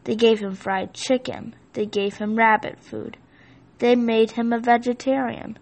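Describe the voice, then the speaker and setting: A woman reading a children's picture book aloud, with a steady, expressive storytelling delivery. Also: a little high, a little slow, gravelly, poor audio.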